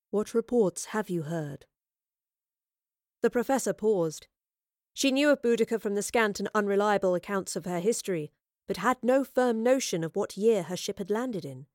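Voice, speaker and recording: A woman narrating a storybook reading in a steady, even way. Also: mid-range voice, no room sound, studio quality.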